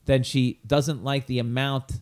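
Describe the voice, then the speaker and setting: A man's voice: mid-range voice, smooth. A man with a Long Island accent, a podcast host telling funny dating stories in casual chat. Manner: animated, jokey, quick asides. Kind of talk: casual comedic storytelling.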